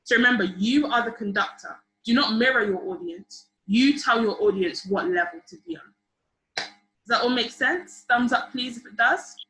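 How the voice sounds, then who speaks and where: A young woman leading a public speaking workshop over a video call, lively and encouraging, often asking the group questions. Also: a little high, moderate pace. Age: young adult. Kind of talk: online seminar teaching. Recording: roomy video call audio.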